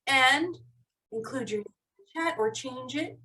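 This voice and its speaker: Woman teacher, cheerful sing-song delivery for little kids, slow and higher-pitched, video call audio a bit distant from the mic. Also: bright, forceful tone. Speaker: teacher of a young class. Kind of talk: live online lesson for young children. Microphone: video call computer mic.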